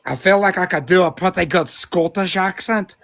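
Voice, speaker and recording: A man's voice: high-pitched, moderate pace, vocal fry, fairly bright tone. A man co-hosting a live stream in casual chat, joking, swearing often and laughing at himself.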